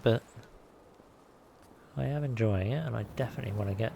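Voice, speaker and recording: Gravelly man streaming a game. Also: on the low side, fairly quick, long pauses, warm tone, a little hiss or hum. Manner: chatty, rambling, self-deprecating. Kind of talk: casual live-stream commentary.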